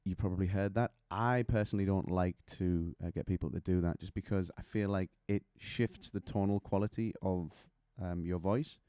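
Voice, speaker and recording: Low, mellow-voiced male vocal coach. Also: normal speed, hardly any pauses, clean tone, no room sound. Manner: chatty, explains with demonstrations and anecdotes. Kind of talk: singing lesson to camera.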